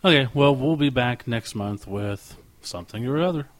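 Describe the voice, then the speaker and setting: A man's voice: medium pitch, animated, normal speed. A man co-hosting a podcast, teasing and wisecracking in casual chat. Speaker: podcast co-host.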